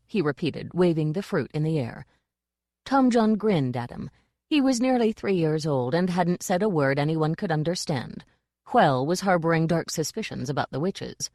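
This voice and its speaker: A woman narrating a fantasy novel as an audiobook reader, with a steady storytelling delivery. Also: deep voice, moderate pace, no room sound, studio quality. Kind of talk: scripted narration.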